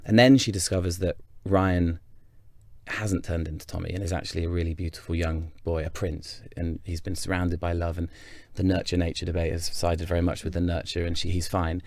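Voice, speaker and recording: A man's voice: low voice, little pitch movement, a little fast, no room sound. A man from North Yorkshire, an actor, talking through his thoughts in a casual interview, often restarting his sentences. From England, North Yorkshire. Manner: thoughtful, rambling with frequent restarts.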